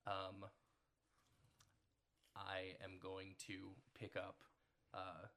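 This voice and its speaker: A man's voice: sits low, completely flat delivery, drawn-out words, pushed and bright. A man playing a tabletop game, describing his character's actions hesitantly with many fillers. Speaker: player.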